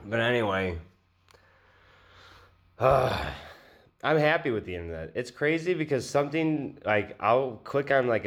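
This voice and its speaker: A man hosting a podcast, telling a rambling, profane, joking story in a casual way. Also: medium pitch. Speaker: podcast host.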